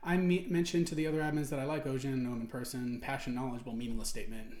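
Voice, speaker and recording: A man's voice: mid-range voice, steady tone, rapid-fire, a little mellow. A man reading out forum posts and answering them in an indignant, rambling rant, restarting his sentences and swearing often. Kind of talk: ranting commentary while reading forum posts aloud. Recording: roomy echo.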